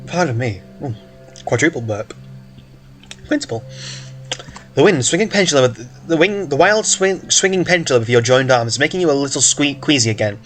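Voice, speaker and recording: Reading a story game's text aloud, this man keeps interrupting himself with jokes and side comments, stumbling and hiccuping along the way. He speaks fairly quickly in a mid-range, slightly bright voice with lively intonation, and faint music plays behind him.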